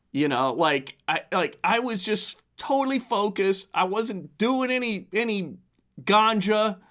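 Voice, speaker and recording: A man of fifty hosts a casual solo podcast, his voice hoarse and cracking from the flu. He rambles with many restarts, speaking fairly high with a lively, swooping pitch. He talks into a desk mic at home. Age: 50s. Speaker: podcast host.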